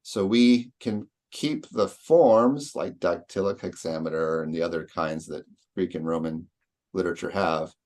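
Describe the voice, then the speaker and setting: A man's voice: low-pitched, measured pace, a little mellow. A man lecturing patiently on poetry, sounding out rhythms aloud as he explains.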